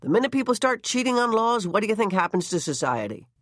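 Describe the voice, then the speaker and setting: A reader voicing a tired, weighed-down middle-aged husband, speaking plainly and sometimes rushing. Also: mid-range voice, very animated, fairly bright tone, no echo, studio quality, voice pushed up. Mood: earnest. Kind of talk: story reading.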